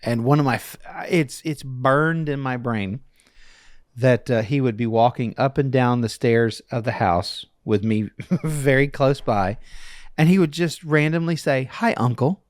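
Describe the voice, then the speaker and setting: A man's voice: medium pitch, measured pace, dry recording, clean studio sound. Chuckling middle-aged man telling stories. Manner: rambling, chuckling storyteller with frequent restarts. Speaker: podcast co-host. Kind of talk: casual chat.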